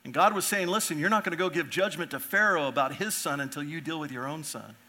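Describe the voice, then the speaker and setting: Bright-voiced man preaching a sermon. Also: on the high side, fast. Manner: earnest preaching, swells louder on key points. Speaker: pastor.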